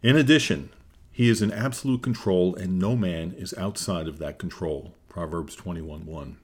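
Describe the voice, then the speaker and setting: A man with a very low voice delivers a scripted Bible teaching. He reads the verses in an earnest, measured way and lifts his voice on the key phrases. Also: fairly even intonation, mellow, husky.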